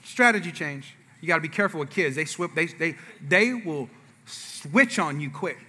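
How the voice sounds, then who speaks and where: A man's voice: on the high side, animated, moderate pace, sharp tone. A man preaching a sermon in a church, telling a family story with acted-out dialogue and asides to the congregation. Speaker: pastor.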